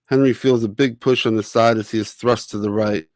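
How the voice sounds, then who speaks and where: Male narrator, low voice, dry close recording, steady storybook read-aloud. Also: fairly quick, dry recording. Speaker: author and narrator. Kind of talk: reading a children's picture book aloud.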